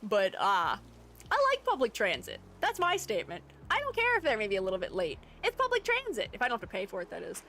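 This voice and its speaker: A woman's voice: mid-range voice, wildly swooping pitch, quick pace, bright, forceful tone, a little hiss or hum. A woman streamer chatting casually while gaming, giggling often and reading her chat aloud to answer it. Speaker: streamer and artist.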